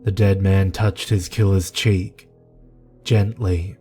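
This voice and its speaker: Slow, dark-voiced male horror narrator. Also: deep voice, little pitch movement. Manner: slow, measured, grave. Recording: narration over faint music.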